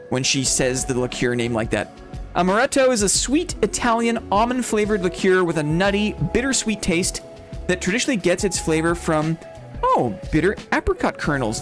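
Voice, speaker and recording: Chatty high-voiced man streaming a game. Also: sing-song, moderate pace, faint music behind. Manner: chatty, rambling, addresses chat as brother. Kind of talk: casual gameplay chat to viewers.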